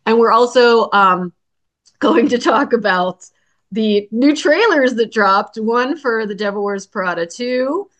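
A woman's voice: on the high side, lively intonation, slow, a bit bright. Chatty woman podcast host with a sore throat. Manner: chatty, laughs often, many fillers. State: sore throat, cough drop in mouth. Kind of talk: casual podcast chat.

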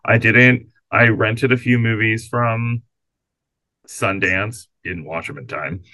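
Dry-humored man with a bright, low voice. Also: slow, no room sound. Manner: dry, teasing, deadpan. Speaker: podcast co-host. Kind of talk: casual podcast chat.

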